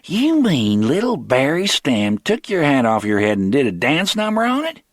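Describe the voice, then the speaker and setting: A man voicing a high-strung, excitable male crime boss with shrill, rising outbursts, in an audiobook. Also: moderate pace, no echo, studio quality. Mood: keyed up.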